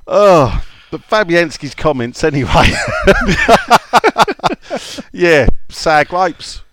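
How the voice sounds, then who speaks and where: A man's voice: on the high side, sing-song, extremely slow, long pauses, a bit bright, no echo. A man hosting a casual podcast, reading out listener questions and telling funny stories with frequent laughter. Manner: chatty storyteller, laughs often. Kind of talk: casual chat.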